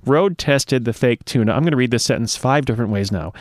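A male show host reads a news story in a plain, middle-pitched voice, with playful ad-libbed jokes between the sentences. His voice is close and dry, with no room sound. He pokes fun at his own slips as he goes. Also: fairly quick, hardly any pauses, a little mellow, no echo. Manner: playful, self-mocking, ad-libs between read lines. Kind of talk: casual news reading with joking asides.

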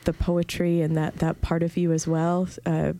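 A woman's voice: low voice, completely flat delivery, normal speed, dark tone. A woman hosting an interview, eager and rambling, often restarting her questions. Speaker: interviewer host. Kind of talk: conversational interview.

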